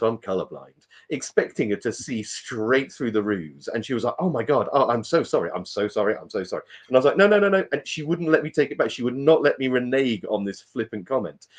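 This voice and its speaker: Jokey British man telling a story. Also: fairly low pitch. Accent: British English. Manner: jokey storyteller, swears casually. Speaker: podcast co-host. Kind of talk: casual chat.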